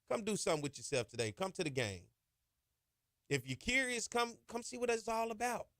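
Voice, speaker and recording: A man's voice: very high voice, pushed and bright, no echo, clean studio sound. A man hosting a sports podcast, talking emphatically and colloquially with lots of "y'all" and "ain't.". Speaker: podcast host. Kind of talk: impassioned sports podcast monologue.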